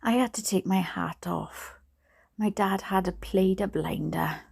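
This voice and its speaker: Husky-edged Welsh woman reading aloud. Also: mid-range voice, unhurried, a little mellow. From Wales. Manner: chatty asides, laughs at own mistakes. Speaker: storybook reader. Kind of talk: reading a book aloud at bedtime.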